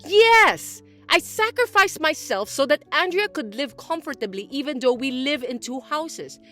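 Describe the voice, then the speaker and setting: A woman voicing a spiteful middle-aged mother-in-law who scolds and complains loudly in an animated text story. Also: high-pitched, normal speed, faint music behind. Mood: complaining. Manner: accusing, loud, whiny.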